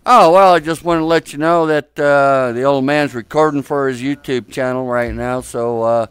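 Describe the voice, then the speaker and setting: A man's voice: medium pitch, steady tone, moderate pace, smooth, no room sound. A man giving casual joking commentary while chatting in a social VR game room, teasing strangers with crude banter through a headset mic. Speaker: VR chat YouTuber.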